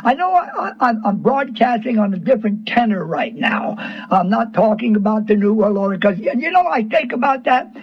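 Husky high-voiced preacher on lo-fi radio. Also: male voice, very animated. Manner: earnest and halting, with many repeated words. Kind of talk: sermon. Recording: dull lo-fi radio broadcast recording.

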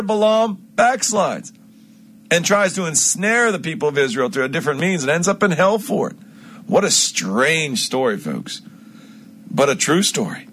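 A man of ordinary pitch preaching an informal Bible lesson, retelling scripture in a lively, emphatic way. He talks straight to his listeners and often restarts or adds asides. A faint hum of ambience sits behind him. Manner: animated storytelling, emphatic, frequent restarts and asides.

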